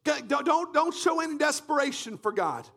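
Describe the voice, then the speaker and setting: A man from Canada preaching a fervent sermon, often shouting and repeating phrases in a church. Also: very high-pitched, sing-song, moderate pace, gravelly. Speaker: pastor.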